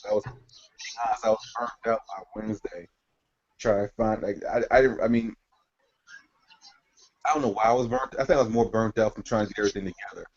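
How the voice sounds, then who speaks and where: A man co-hosting a talk show, giving blunt opinions in a measured, hesitant way with many fillers. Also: lowish voice, a little mellow, a little hiss or hum. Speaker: podcast co-host. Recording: dull lo-fi audio.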